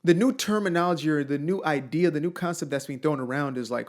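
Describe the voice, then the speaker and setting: A man's voice: fairly high pitch, fast talker, few pauses. A man delivering an emphatic solo opinion rant, with colloquial asides and rhetorical questions, who grew up outside the United States. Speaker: commentator.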